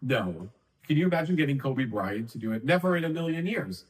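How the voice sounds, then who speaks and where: A man's voice: mid-range voice, big pitch swings, fairly quick, recorded from a distance, rough recording. A man giving a casual sales-training talk, conversational and emphatic with rambling asides.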